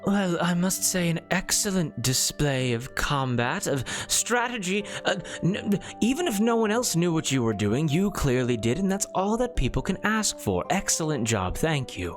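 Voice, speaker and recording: A man voicing a calm, refined elf woman who speaks in a formal, genteel way. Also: low voice, normal speed, few pauses, faint music behind, pitched above the performer's own voice. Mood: gracious.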